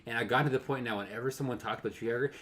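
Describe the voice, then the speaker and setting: A young man co-hosting a casual podcast, ranting and telling stories in an animated way that swings from low mutters to loud bursts. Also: racing, a crowd in the background. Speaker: podcast co-host. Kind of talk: casual chat.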